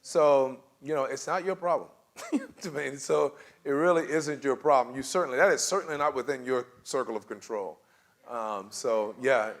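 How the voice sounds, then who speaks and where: A man leading a church group discussion, animated and often laughing, acting out sample replies. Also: medium pitch, moderate pace. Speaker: church class leader.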